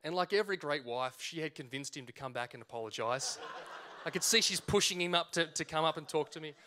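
A man preaching from the pulpit, his voice pitched high for a man. He tells a personal story with animated energy and acts out the people in it. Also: fast talker, slight background noise. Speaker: pastor.

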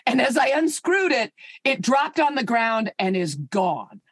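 A woman's voice: on the high side, big pitch swings, measured pace, no room sound. A woman co-hosting a podcast over a video call, telling an exasperated story while holding her microphone in her hand. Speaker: podcast co-host. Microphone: handheld microphone.

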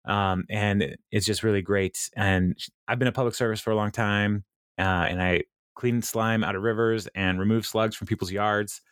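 Low-voiced man rambling through a recap. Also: steady tone, moderate pace, smooth, no echo, clean studio sound. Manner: rambling retelling, quoting characters, many fillers. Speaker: podcast co-host. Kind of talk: casual episode recap.

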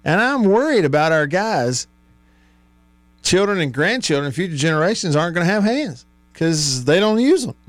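A man's voice: a little high, no room sound. A man hosting a sports talk radio show, reading listener texts aloud and chuckling often. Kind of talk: casual call-in radio chat. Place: radio studio. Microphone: studio microphone.

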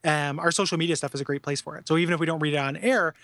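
A man co-hosts a podcast in a quick, rambling way, with a voice that sits a little higher than usual. He talks fast and piles on fillers and restarts. The sound is dry and close to the mic. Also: fairly even intonation, fairly bright tone, no echo. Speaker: podcast co-host. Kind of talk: casual chat.

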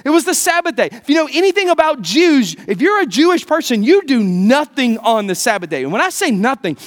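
A middle-aged man preaching a sermon in a conversational, animated way, with jokey asides to the congregation. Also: extremely high pitch. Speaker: pastor.

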